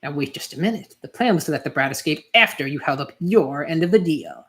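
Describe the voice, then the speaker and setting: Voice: mid-range voice, lively intonation, fast talker, fairly bright tone. A reader voicing a cocky, cruel male villain in a manga read-aloud, speaking in a mocking tone. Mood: sneering.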